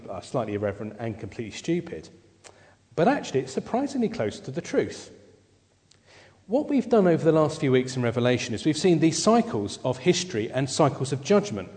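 A man preaching a sermon in a church, conversational and halting, with many fillers as he goes. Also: mid-range voice, darkish tone, big-room sound.

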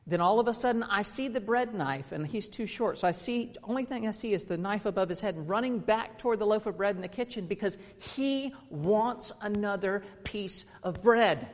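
A man's voice: sits high, in a large hall. A man in his thirties preaching a sermon, earnest and emphatic, asking rhetorical questions.

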